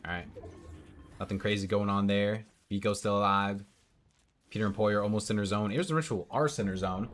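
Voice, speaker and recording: A man's voice: fairly low pitch, fairly quick, long pauses, a bit bright. A young man streaming from home into a headset mic, casually commenting on a match and answering chat. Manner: chatty, reads out and answers chat.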